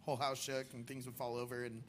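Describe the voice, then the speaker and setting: Man from the pews, quick talker, heard faintly from off the mic, light noise behind. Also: medium pitch, level tone. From Southern California. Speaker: congregation member. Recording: from far off the mic, faint ambience.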